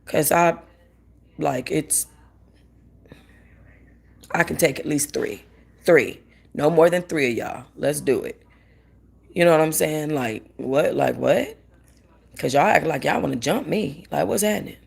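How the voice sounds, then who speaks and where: A woman with a low, gravelly voice tells a story in a casual, animated rant. She acts out what each person said and swears freely. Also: measured pace, pauses often. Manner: animated, swearing, quotes people. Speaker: vlogger.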